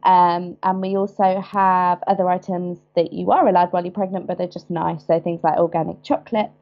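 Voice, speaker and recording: A woman in her thirties with a southern English accent, chatting as an interview guest and often pausing with ums. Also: on the low side, steady tone, lo-fi sound. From England. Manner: chatty, hesitant with many ums. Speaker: guest, business founder. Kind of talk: casual interview.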